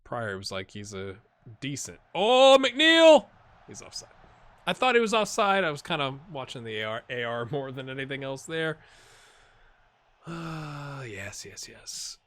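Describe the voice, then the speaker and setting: A man's voice: medium pitch, sing-song, moderate pace, sharp tone. A man playing a football manager game, chatting casually to viewers and cheering or mumbling at the match as it plays. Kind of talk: casual let's-play commentary. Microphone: headset with earbuds.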